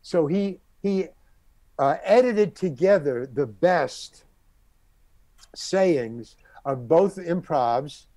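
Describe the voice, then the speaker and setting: Older man, animated storyteller, slightly high pitch, dry close mic. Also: very slow, no room sound. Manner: animated, acts out other people's lines in the story. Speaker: guest actor. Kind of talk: anecdotal storytelling.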